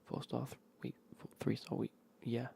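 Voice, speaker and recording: A man's voice: medium pitch, little pitch movement, moderate pace, gravelly, dark tone, a little hiss or hum. A man whispering through an ASMR gaming stream, rambling and swearing as he chats.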